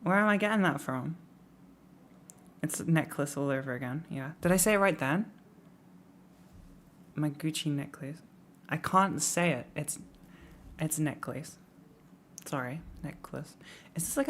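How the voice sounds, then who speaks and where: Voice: mid-range voice, normal speed, pauses often, a bit bright, a little hiss or hum. Rambling English streamer from the Midlands. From Midlands, England. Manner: rambling, self-mocking, laughs often. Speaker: live streamer. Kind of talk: casual live-stream chat reacting to tips.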